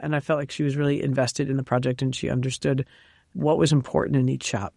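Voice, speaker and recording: A woman chef from New York, a guest on an interview show, telling lively stories with frequent laughs and fillers. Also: a bass voice, quick pace, gravelly, dry recording, studio quality. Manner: animated storyteller, laughs often, many fillers. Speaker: chef and cookbook author, guest. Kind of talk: casual interview chat.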